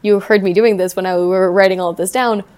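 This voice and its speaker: A woman's voice: mid-range voice, fairly even intonation, fast. Playful woman hosting a podcast quiz. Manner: playful, drifts quieter in asides, sings lines for effect. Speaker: podcast co-host running a quiz. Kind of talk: casual podcast chat.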